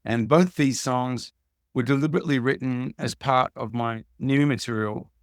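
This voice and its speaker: A man's voice: medium pitch, normal speed, no echo. Australian man chatting in a dry voice. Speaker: musician guest. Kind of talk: casual interview chat.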